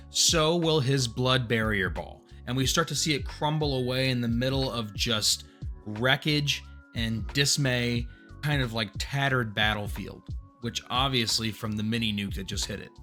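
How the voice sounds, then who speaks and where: A man casually recapping a manga chapter in an earnest, rambling way, getting louder and more excited at the big moments. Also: mid-range voice. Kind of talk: casual story recap commentary.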